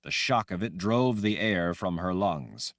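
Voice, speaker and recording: Deep, slow, expressive male audiobook narrator. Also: no echo, clean studio sound. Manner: dramatic, expressive reading. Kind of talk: scripted fantasy audiobook narration.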